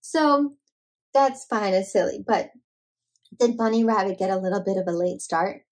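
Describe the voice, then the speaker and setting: A woman hosting children's toy play, talking to toddlers in a gentle, sing-song, encouraging way. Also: mid-range voice, moderate pace. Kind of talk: playful narration to toddlers.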